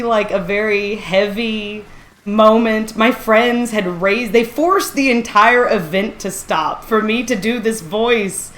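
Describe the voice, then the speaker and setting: A woman streaming live, telling casual stories at a middling pitch. She talks in an animated way, pokes fun at herself and breaks into laughter often. Soft music plays faintly underneath. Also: a little slow, reverberant.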